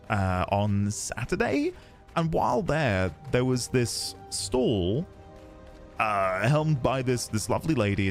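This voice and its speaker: A British man casually chatting and rambling while streaming a game, laughing easily and answering his chat. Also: medium pitch. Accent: British English. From United Kingdom.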